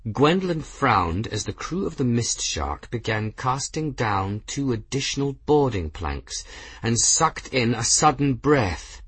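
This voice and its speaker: A man reading fiction as an audiobook narrator, in a steady, measured scripted narration. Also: mid-range voice, breathy edge, no room sound.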